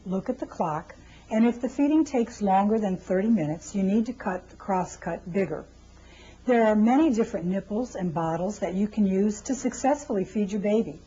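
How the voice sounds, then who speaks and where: Husky-voiced woman narrating feeding advice. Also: mid-range voice. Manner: calm, even instructions. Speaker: instructional narrator. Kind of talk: scripted narration. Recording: dull lo-fi video sound.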